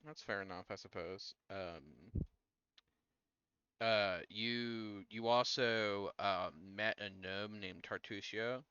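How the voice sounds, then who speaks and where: A man running an online tabletop game as game master, talking casually in a halting way with lots of fillers. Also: on the low side, steady tone, bright, forceful tone, clean tone, dry recording, muffled recording. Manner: halting, many fillers and restarts.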